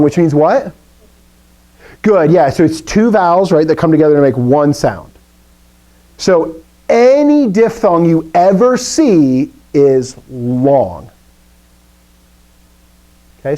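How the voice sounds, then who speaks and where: A male teacher leading a live Greek lesson, his pitch rising and falling a great deal as he explains. His voice is mellow and warm, and he keeps asking the class questions in a playful, animated way. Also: rough recording.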